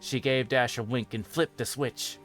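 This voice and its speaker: A man, the host, reading a fan fiction horror story aloud in a steady, even narration. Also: medium pitch, normal speed, faint music behind.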